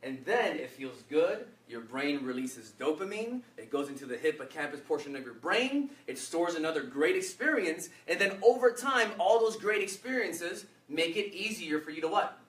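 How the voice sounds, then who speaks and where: A man giving an energetic workshop talk, often quizzing the audience with fill-in questions. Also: fairly high pitch, normal speed, hardly any pauses. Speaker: workshop speaker. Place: echoey workshop room. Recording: roomy echo, mic from far off, faint noise.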